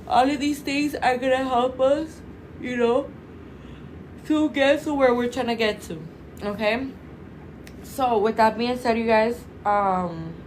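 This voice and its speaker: A woman presenting a live-streamed product pitch for a clinic, chatty and salesy, addressing viewers as "you guys" and repeating set sales phrases. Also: takes it slowly, a bit bright, a little hiss or hum, rough recording. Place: indoors under bright lights.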